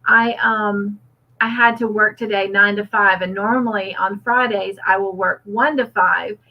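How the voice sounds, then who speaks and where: A woman's voice: medium pitch, steady tone, unhurried. A woman hosting a casual livestream, reading out viewer comments and chatting back with frequent laughs. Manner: chatty, warm toward viewers, laughs often. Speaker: host. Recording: slightly dull lo-fi audio.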